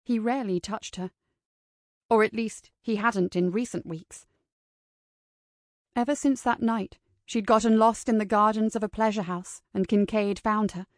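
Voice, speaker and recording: A woman narrates an audiobook in a measured, expressive reading voice. Her pitch sits in the middle range. The recording is dry and close, with no room sound. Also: no room sound.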